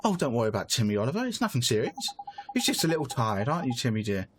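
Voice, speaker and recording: A man voicing a kindly older woman shopkeeper who fusses and dotes gently. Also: medium pitch, sing-song, very fast, background noise, pitched below the performer's own voice, close to an everyday voice. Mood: doting. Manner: doting, fussing, gentle.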